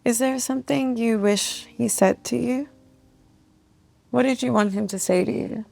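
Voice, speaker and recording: A woman hosting an interview, asking gentle, probing questions. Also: a little high, a little slow, creaky. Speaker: interview host.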